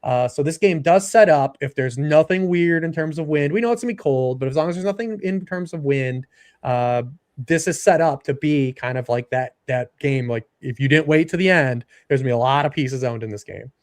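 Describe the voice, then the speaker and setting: A man's voice: on the high side, a little mellow. Stat-heavy sports analyst man. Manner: rapid stat-heavy talk with dry jokes. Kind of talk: casual sports chat.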